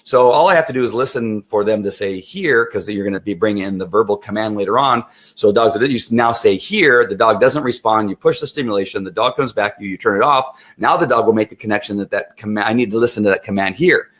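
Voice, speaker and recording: A middle-aged man who trains dogs, giving an instructional talk in an animated way and acting out what the dog is thinking. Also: on the low side, fast, hardly any pauses. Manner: animated, acts out the dog's thoughts.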